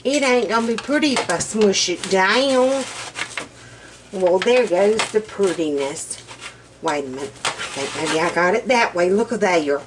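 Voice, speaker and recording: A woman's voice: mid-range voice, lively intonation, a little slow. Breathless Southern woman chatting at home. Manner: chatty, folksy, rambling. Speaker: vlogger. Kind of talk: casual chat while cooking. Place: home kitchen. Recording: noisy room with fan running.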